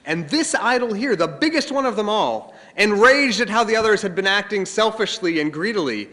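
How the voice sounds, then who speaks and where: A sly, innocent-sounding young boy, as a storyteller voices him explains himself in a lifted, lively voice. The tone is bright. A long hall reverb trails his words. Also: high-pitched, moderate pace, pitched above the performer's own voice.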